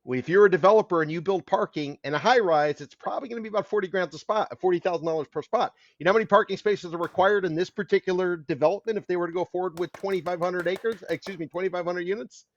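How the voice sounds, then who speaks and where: A man's voice: high-pitched, fast, dry recording, highs cut off. A man hosting a casual podcast, wry and full of facts. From Miami. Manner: wry, fact-heavy storyteller. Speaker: podcast host, condo consultant.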